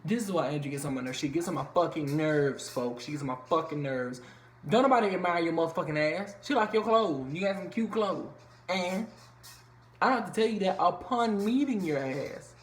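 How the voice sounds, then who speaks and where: A man's voice: a little high, lively intonation, fairly quick. Man, casual review vlog, blunt and cussing, echoey room, faint background hum. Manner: blunt, profane, ranting. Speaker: reality show reviewer. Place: home room.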